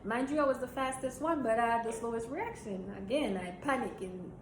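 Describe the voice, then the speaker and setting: A young woman from Jamaica, telling a story in a blunt, animated, swearing way. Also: fairly high pitch, fairly quick. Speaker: vlogger. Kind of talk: storytime vlog. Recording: roomy echo, faint hiss.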